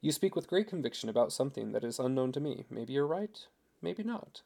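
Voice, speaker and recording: A man reading a young wife's lines in a raised, playful voice, gentle and teasing. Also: mid-range voice, big pitch swings, fairly quick, creaky. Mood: earnest.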